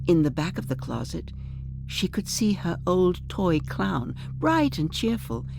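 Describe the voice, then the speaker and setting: Low, slow, expressive woman storyteller. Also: vocal fry, music in the background. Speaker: audiobook narrator. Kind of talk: scripted story reading.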